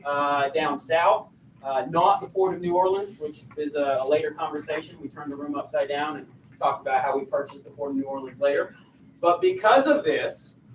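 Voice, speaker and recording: A man's voice: a little high, slight background noise. A male teacher giving a casual classroom lecture and quizzing his students with questions. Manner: conversational, asks the class questions. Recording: echoey classroom, voice from a distance.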